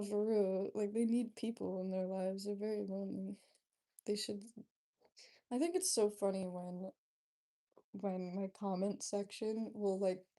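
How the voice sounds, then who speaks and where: A young woman hosting a live stream, her voice gravelly with vocal fry and a mellow, dark tone. She talks at an easy, drifting pace, wandering between chat comments and casual asides. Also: mid-range voice. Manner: unhurried, drifting, chatty asides. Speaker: livestreamer.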